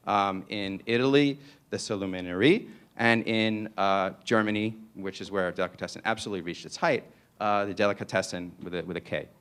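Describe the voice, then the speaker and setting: Lower-voiced man with a New York accent, lecturing playfully. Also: fairly bright tone, smooth. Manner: playful, digressive, peppered with rhetorical "right?". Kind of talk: public lecture.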